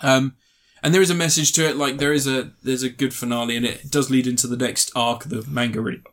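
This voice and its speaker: A man's voice: medium pitch, fairly even intonation, quick pace, fairly bright tone. A young man chatting casually about a film he watched, rambling and sweary, often laughing and restarting his sentences. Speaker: film reviewer. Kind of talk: casual chat.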